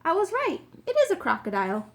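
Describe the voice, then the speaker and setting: Woman reader as a confident storybook sleuth, brisk and exclaiming, a touch high. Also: animated. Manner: brisk, sure of himself, exclaims. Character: clever confident male detective. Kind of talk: storybook reading.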